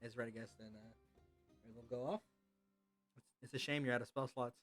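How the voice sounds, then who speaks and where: A man narrating as game master, telling a tabletop game in a casual, halting way. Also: mid-range voice, fairly even intonation, a bit bright, dry recording, faint music behind.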